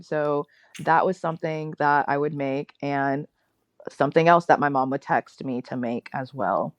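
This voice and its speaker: A young woman as a guest in a casual interview, upbeat and chatty and quick to laugh at herself. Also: sits low, no echo, dull audio.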